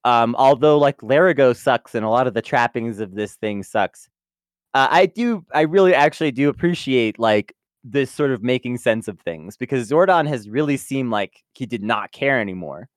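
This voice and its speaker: A man's voice: mid-range voice, lively intonation, moderate pace, no echo, clean studio sound. A man co-hosting a casual review podcast, exasperated and laughing often, swearing as he rants. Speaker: podcast co-host.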